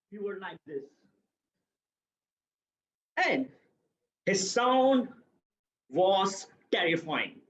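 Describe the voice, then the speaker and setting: A man's voice: sits high, a bit bright. A young man in his twenties with a Pakistani accent gives a prepared speech at a speaking club, often repeating words as he searches for the next phrase. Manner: halting, repeats many words while searching. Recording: echoey, muffled room recording.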